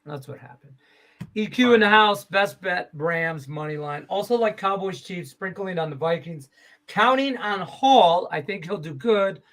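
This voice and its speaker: A man's voice: high-pitched, unhurried, a bit bright. Joking sports betting host, a man. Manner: loose, joking, swears casually. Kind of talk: casual sports betting chat.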